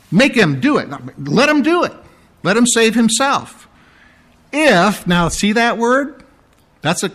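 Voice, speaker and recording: A man delivers a sermon in a fairly high voice. He teaches verse by verse with lively emphasis. Now and then he slips into a mocking tone. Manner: animated, mocks the priests in a put-on sneering voice. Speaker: preacher.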